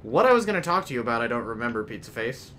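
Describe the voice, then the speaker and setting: A man's voice: mid-range voice, sing-song, racing, bright, forceful tone, slight background noise. A man streaming a video game, chatting casually and rambling off-topic, often trailing off mid-sentence. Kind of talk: casual gameplay commentary.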